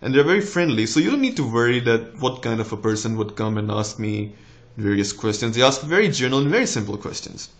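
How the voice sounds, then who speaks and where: A man's voice: fast talker, hardly any pauses. Encouraging young man, slight American tinge. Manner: relaxed, encouraging, with lively rises in pitch. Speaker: doctor giving exam tips. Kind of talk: casual advice vlog.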